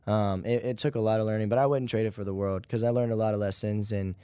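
A man's voice: fairly low pitch, quick pace, clean tone, dry recording, clean studio sound. A young man, a musician guest in an interview, talking casually and rambling with lots of "like" and "you know". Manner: relaxed, rambling, heavy use of "like" and "you know".

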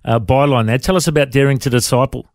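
A man's voice: medium pitch, fast, dry recording, clean studio sound. A man hosting an interview, enthusiastic and stumbling over restarts. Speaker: interview host. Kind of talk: interview chat.

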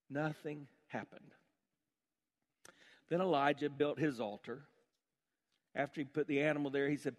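A male pastor preaching a sermon in an animated storytelling way, swinging between loud and hushed delivery. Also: fairly high pitch, moderate pace, long pauses.

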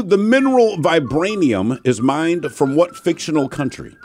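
A man in his fifties hosting a radio show, running a quiz and telling stories with quoted voices in an animated way. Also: a little high, a little slow, faint music behind. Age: 50s. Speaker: radio host and quizmaster. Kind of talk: radio banter and storytelling.

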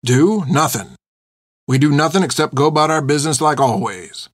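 A man's voice: on the high side, animated, moderate pace, no echo, studio quality, voice pushed up. A man voicing a weary, plain-spoken older religious brother in an audiobook. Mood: grim.

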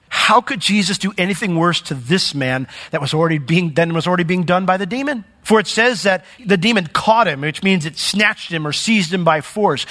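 Bright-voiced male pastor preaching. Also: sits high. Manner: animated storytelling with dramatic swings in volume. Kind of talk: sermon.

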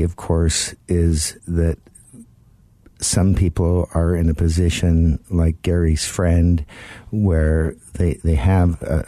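Former car dealer as co-host, measured and deliberate, deep dark voice, dry room. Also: male voice, no echo. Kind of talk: casual radio talk show chat.

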